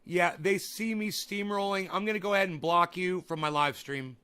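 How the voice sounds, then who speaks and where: A young man on a live stream, ranting at his chat in a bright, high voice. He swears freely, mixing sarcasm with open exasperation. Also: normal speed, clear, resonant tone. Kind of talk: angry live-stream rant reacting to chat.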